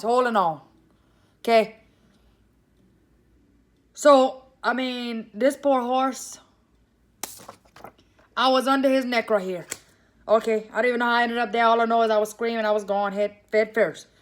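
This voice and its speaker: A woman with a Cajun Louisiana accent spins a comic tale, talking to her listeners as "y'all". Her voice sits a little high and she tells it with lively, casual energy. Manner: animated, addresses listeners as "y'all". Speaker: storyteller.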